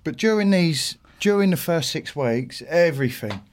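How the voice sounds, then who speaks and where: A middle-aged man, a podcast guest, telling an animated anecdote in a casual way, swearing and acting out what others said. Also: on the high side, normal speed.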